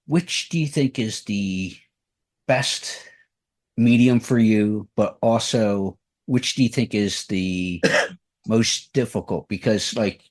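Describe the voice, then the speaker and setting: A man's voice: lowish voice, slow pace. A man hosting an interview show, asking long, rambling questions with restarts. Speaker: radio show host.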